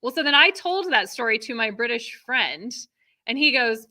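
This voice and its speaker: Bright-voiced chatty woman in her thirties. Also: fairly high pitch, lively intonation, normal speed. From Texas, USA. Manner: chatty, laughs often, many fillers. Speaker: theater director, guest. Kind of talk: casual interview chat.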